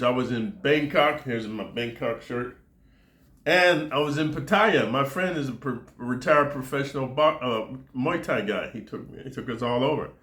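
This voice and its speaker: Low-voiced rambling American vlogger guy. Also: fairly bright tone, roomy sound. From United States. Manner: rambling, profane, peppers speech with dude and man. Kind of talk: casual to-camera monologue.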